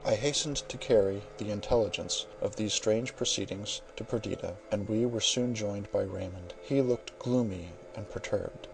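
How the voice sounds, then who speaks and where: A male narrator reads a classic novel in a measured, formal storytelling manner. His voice sits low, with a gravelly texture. Faint music plays under the reading. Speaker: audiobook narrator.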